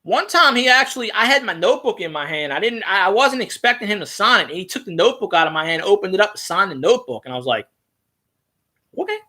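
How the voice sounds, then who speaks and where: A man rambling in a casual, profane, excitable monologue as a sports-fan vlogger. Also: sits high, fast.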